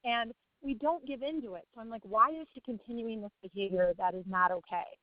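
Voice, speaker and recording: A woman's voice: on the high side, brisk, dry recording, highs cut off. A woman in her thirties, a parent asking for advice, rambling and laughing as she hunts for words. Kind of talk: casual chat.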